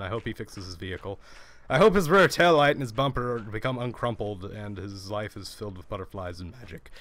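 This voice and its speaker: A man's voice: medium pitch, fairly bright tone. A man hosting a let's play, casually telling a story while gaming, rambling with many restarts and stammered repeats.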